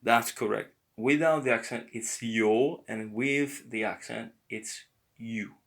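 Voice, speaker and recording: A man giving a slow, patient beginner language lesson, explaining words one by one. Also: medium pitch, fairly bright tone. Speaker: language teacher.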